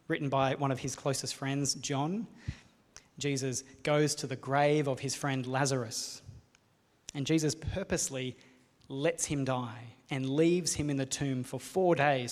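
A man preaching a sermon to a gathered room, speaking in an earnest, measured way and pausing for rhetorical questions. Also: mid-range voice. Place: hall with a live audience. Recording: long reverb of a large hall.

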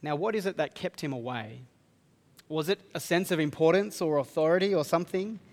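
A man preaches in a reverberant church hall, reading verses aloud and unpacking them earnestly. His voice sits a little on the high side for a man. The long echo of the hall trails after his words. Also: brisk, a little mellow. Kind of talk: sermon.

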